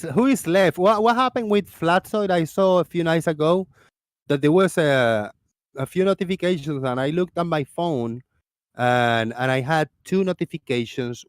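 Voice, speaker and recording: A man hosting a casual livestream chat, telling stories in an animated way and laughing often. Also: a little high, dry recording. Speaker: livestream host.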